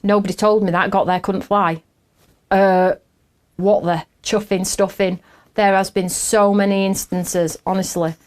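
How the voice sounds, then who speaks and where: A woman's voice: mid-range voice, little pitch movement, unhurried, smooth. An English woman hosting a crafting podcast, telling a story in a chatty way, laughing often and acting out what others said. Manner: acts out quotes in different voices. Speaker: podcast host. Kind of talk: casual chat with viewers.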